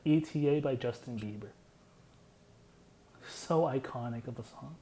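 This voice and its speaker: A man's voice: mid-range voice, measured pace, pauses often, mellow, slight background noise, rough recording. A young man casually explaining his own song in a loose, rambling way, full of "like" fillers.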